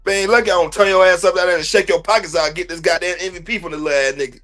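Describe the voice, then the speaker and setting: A man's voice: sits high, fairly even intonation, rapid-fire, fairly bright tone, faint music behind. A man hosting a sports podcast livestream, ranting bluntly and profanely in heavy slang. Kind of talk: heated livestream sports rant.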